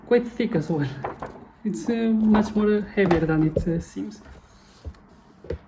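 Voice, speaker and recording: A woman's voice: medium pitch, takes it slowly, noisy background. A woman hosting her channel, giving casual unboxing commentary in a chatty way and often correcting herself. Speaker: channel host.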